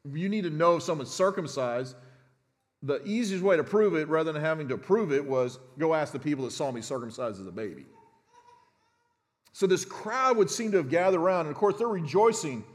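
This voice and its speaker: A middle-aged man preaching an expository sermon as a pastor in a conversational way, often restarting words and checking in with the congregation. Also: a little high. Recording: long reverb of a large hall.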